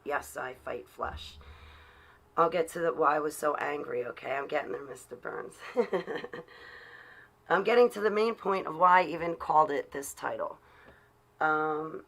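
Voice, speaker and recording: A woman's voice: deep voice, measured pace, vocal fry, long pauses, a bit bright. A woman talking on her own livestream, preaching in an earnest, rambling way with many fillers. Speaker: livestreaming vlogger.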